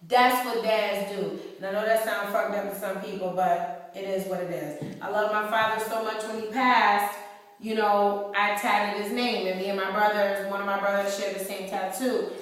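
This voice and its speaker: Recorded on an iPhone camera mic at a distance in an echoey hall, a New York author vents bluntly and heatedly to her fans, swearing plenty. She speaks at normal speed with a medium, fairly bright voice and fairly even intonation.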